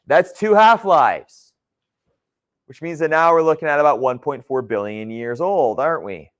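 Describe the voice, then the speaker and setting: A man's voice: a little high, lively intonation, normal speed. Guy lecturing a geology class, lots of ups and downs in his voice, keeps asking okay? right?. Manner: conversational, often checks with "okay?" and "right?". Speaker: geology instructor.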